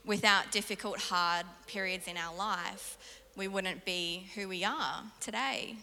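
A young woman preaching a sermon in an earnest, animated way. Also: mid-range voice, a little slow, a little hiss or hum. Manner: earnest, animated storytelling with laughs. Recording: reverberant hall.

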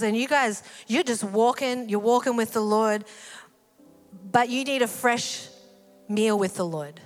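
A woman preaching a sermon in a church hall, animated and acting out the voices in the story. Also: a little high. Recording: hall reverb with faint music.

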